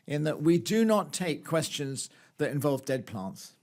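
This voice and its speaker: A man co-hosts a casual gardening podcast, and his voice sits a little high for a man. He talks in a wry, playful way, reaching for mock-grand phrases and trailing off into restarts. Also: big pitch swings, unhurried, darkish tone. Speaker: podcast co-host.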